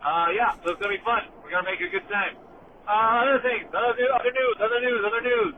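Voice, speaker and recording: A man calling in from his car, ranting loudly and swearing in a comic voice message. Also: sits high, steady tone, fast talker. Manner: loud, brash, swearing. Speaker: caller leaving a voice message. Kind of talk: profane comic rant. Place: driving in a car. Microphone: phone. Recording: tinny phone line with car noise.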